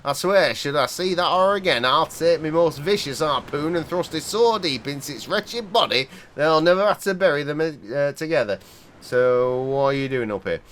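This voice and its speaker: A superstitious old fisherman, put on by a man reading a game aloud. His voice sits higher and rougher, folksy and grim, full of old seaside turns of phrase. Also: expressive, moderate pace, fairly bright tone. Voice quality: gruff, old-fashioned folksy speech. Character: weathered old male fisherman, gruff and superstitious.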